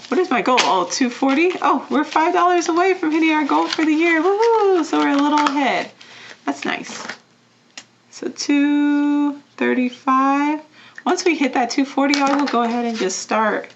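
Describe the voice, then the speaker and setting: Young woman, casual budgeting vlog, relaxed chatty manner, soft murmured counting, slightly dull lo-fi sound. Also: medium pitch, slight background noise. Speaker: vlogger doing budgeting videos. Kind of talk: casual talk while counting cash.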